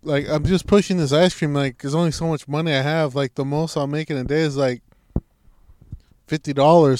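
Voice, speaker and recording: A man's voice: fairly high pitch, steady tone, fairly quick, darkish tone. A man on a podcast in casual chat, telling a story in a laid-back, loose way, swearing freely and acting out the people he quotes. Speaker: podcast co-host.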